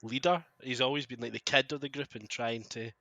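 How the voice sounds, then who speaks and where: A man's voice: medium pitch, fairly even intonation, fairly quick, bright, forceful tone, no echo. A man co-hosting a casual podcast chat, laughing often and chiming in with short reactions. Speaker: podcast co-host.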